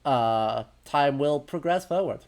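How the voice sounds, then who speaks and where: A man's voice: a little high, expressive, takes it slowly, a little mellow. A man casually commenting on a video game during a live stream, musing aloud, correcting himself and talking to his chat. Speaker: history streamer.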